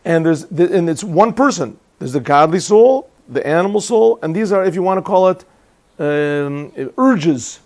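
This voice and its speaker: A man with a high, slightly mellow voice and lively intonation teaches a Chassidic class as a rabbi at normal speed. In the yeshiva classroom he keeps things conversational, jokes often, and asks his listeners questions.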